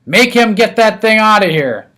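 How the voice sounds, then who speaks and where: A man voicing a stern, pompous middle-aged male guest who booms and lectures in an audiobook. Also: expressive, normal speed, lightly acted. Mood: booming. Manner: booming, lecturing. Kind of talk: audiobook character voice.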